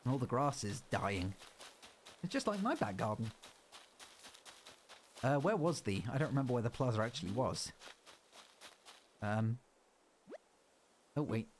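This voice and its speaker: A man's voice: mid-range voice, very animated, measured pace, long pauses, a little hiss or hum. Chatty, rambling male game streamer. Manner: chatty, rambling, self-interrupting. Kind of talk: casual gameplay commentary.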